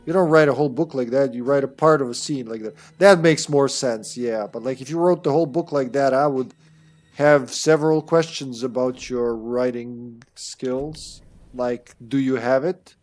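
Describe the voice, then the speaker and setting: A young man chatting casually as he streams a game, rambling through critical asides and mild swearing. His voice sits at an everyday middle pitch. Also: normal speed, a little mellow. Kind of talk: casual gameplay commentary.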